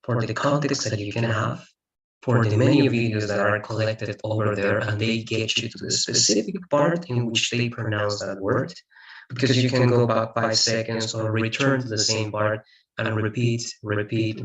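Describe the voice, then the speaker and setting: A man's voice: on the low side, steady tone, normal speed. Guy tutoring english online, loops back on himself a lot, echoey room, sits far from the mic. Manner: rambling, with frequent restarts and repeated "again". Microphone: video call.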